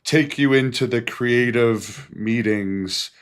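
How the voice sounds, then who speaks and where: A man's voice: mid-range voice, clear, resonant tone. A man hosting a podcast interview, asking long questions with frequent restarts and repeated words. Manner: halting, repeats words while framing questions. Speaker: podcast host.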